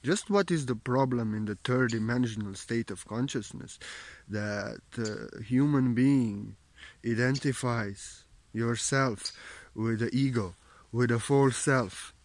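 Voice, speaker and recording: A man's voice: medium pitch, slow. A man giving a heartfelt spiritual talk as a teacher, repeating his points emphatically and now and then swearing bluntly. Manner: impassioned, repetitive and emphatic.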